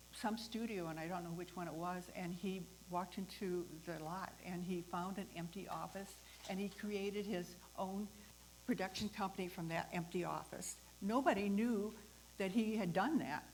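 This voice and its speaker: A woman hosting a talk, telling a personal story in a lively way, acting out the voices of the people in it and laughing often. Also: fairly low pitch, measured pace, a little hiss or hum, rough recording. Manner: animated, acts out the voices in her story. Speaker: host.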